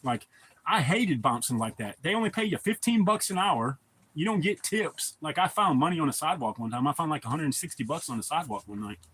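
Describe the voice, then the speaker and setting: A man's voice: fairly high pitch, sing-song, fairly quick, a bit bright, slightly rough, rough recording. A man live-streaming, telling blunt, profane stories in a casual chat to his viewers.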